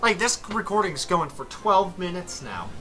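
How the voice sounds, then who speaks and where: Excitable young man narrating gameplay. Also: high voice, moderate pace, faint music behind. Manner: excitable, exasperated, swears casually. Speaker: gaming commentator. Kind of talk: casual gameplay commentary.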